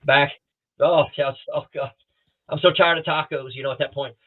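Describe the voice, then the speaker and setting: A middle-aged man from the Southeastern United States, a guest pilot on a podcast, telling stories with lively energy and acting out other people's lines. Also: on the high side, moderate pace, a loud crowd. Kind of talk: storytelling in a podcast interview. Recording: thin phone-like remote call audio.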